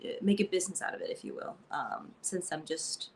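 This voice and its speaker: A woman as a guest in a casual interview, speaking hesitantly with halting phrases and many fillers. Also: on the low side, expressive, a little hiss or hum.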